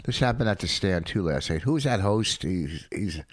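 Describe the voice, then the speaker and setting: A man, a stand-up comedian, chatting casually and profanely, rambling and often turning loud and indignant. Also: low-pitched, lively intonation, normal speed, no echo, clean studio sound. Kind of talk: casual podcast banter.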